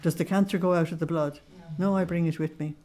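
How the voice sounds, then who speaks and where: A woman teaching on a devotional text, explaining it line by line and pausing often with "uh". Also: lowish voice, steady tone, mellow. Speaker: religious teacher.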